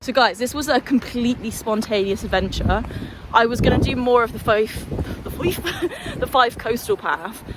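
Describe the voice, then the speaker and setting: Woman vlogger, a touch high, sweary and self-mocking, windy handheld outdoor audio. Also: normal speed. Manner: chatty, sweary, self-deprecating. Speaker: hiking vlogger. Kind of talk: casual vlog chat while walking.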